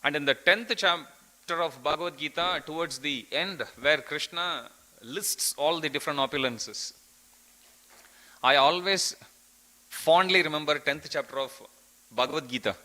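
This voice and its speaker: A man's voice: fairly high pitch, measured pace, long pauses, sharp tone, poor audio. A man giving an earnest devotional scripture class, telling a story and quoting verses.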